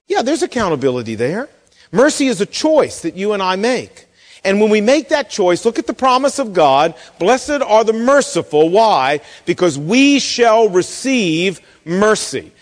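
A man's voice: high-pitched, moderate pace, in a large hall. A man preaching a sermon, telling a story and acting out the voices of the people in it. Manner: storytelling, animated, acts out quoted voices. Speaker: pastor.

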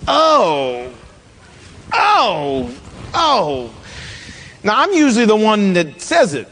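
High-voiced pastor, joking storyteller. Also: male voice, a bit bright. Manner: humorous storytelling, conversational, self-mocking. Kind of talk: sermon. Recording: long hall reverb.

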